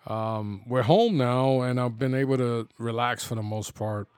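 A man in his fifties chats through personal stories, laughing easily and often starting his sentences over. His voice sits at a middle pitch. The recording is dry and close, with no room sound. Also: a little slow, a little mellow, smooth, dry recording. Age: 50s. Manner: rambling, laughs often, many restarts. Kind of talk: casual personal storytelling. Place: home.

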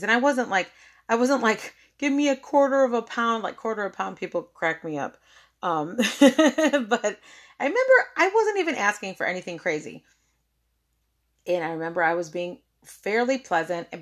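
Woman telling a story, slow and chatty, kinda low voice, says like a lot. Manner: chatty, expressive, says "like" often. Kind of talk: personal storytelling.

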